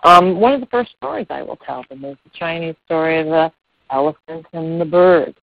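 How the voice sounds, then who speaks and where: Gravelly, soothing yoga teacher. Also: medium pitch, dry recording. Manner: soothing, unhurried, with fillers and repetitions. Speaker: children's yoga and meditation teacher. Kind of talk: calm explanatory talk. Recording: dull dry lo-fi recording.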